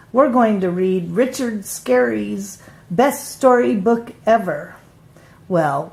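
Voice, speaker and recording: An older woman, a grandmother, reading a storybook aloud to her grandchildren in an unhurried way. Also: mid-range voice, vocal fry, a little mellow.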